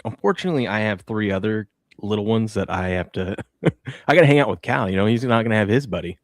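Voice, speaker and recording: A man in his thirties hosting a casual talk show, telling animated stories about his kids. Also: fairly low pitch, fast, dry recording, studio quality. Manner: animated storyteller, acts out a toddler's shrieks. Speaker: podcast host. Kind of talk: casual chat.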